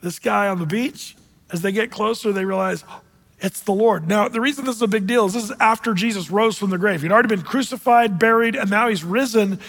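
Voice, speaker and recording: A male pastor preaching a sermon in a church, telling stories dramatically and dropping from loud to hushed. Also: high voice, fast, vocal fry. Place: church sanctuary with congregation. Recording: long reverb in a large hall.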